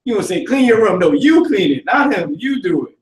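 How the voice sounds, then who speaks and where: A man leading a casual group discussion as teacher, animated and profane, often laughing as he talks. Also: high-pitched, brisk, roomy sound, recorded from a distance, a little hiss or hum, rough recording.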